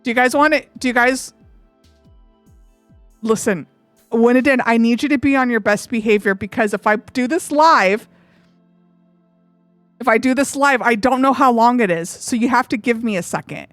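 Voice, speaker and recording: A woman's voice: fairly high pitch, moderate pace, pauses often, a bit bright, no room sound, faint music behind. A woman streamer chatting casually and openly, rambling with lots of fillers. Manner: open and emotional. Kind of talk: casual live-stream chat.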